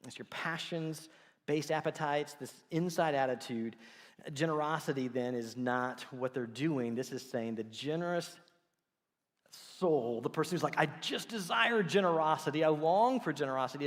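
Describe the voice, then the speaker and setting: A middle-aged pastor preaches a sermon in a church sanctuary, telling stories with animation and acting out the quotes within them. His voice is mid-range and echoes through a large hall.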